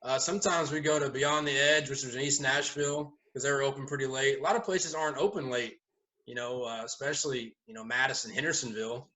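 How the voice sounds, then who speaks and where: A man chatting casually at a round table, telling lively stories and laughing often as he goes. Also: medium pitch, fast, poor audio. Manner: animated storyteller, laughs often. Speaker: haunt owner, podcast regular. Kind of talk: casual storytelling chat.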